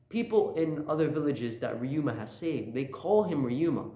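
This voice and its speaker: A man's voice: a little high, animated, normal speed, warm tone. A man casually recapping a comic chapter, loose and rambling with lots of filler words. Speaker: channel host. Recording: roomy echo.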